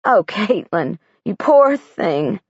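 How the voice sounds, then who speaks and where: A woman voicing a gentle, concerned female teacher whose voice goes high and shaky with worry, in an audiobook. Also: big pitch swings, slow pace, breathy edge, no room sound, muffled recording, full character voice.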